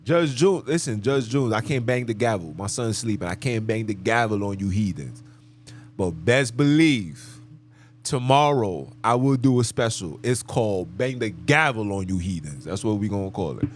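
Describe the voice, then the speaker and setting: A man's voice: lowish voice, lively intonation, normal speed, a little hiss or hum. A man hosting a live podcast monologue, talking emphatically and preachily and repeating his phrases. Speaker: podcast host.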